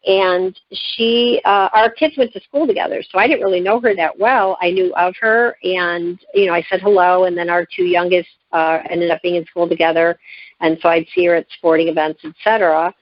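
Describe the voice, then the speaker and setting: A woman guest in an interview, telling a personal story with lively, emotional delivery and frequent restarts. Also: fairly low pitch, normal speed, no room sound, dull audio. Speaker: guest, living kidney donor.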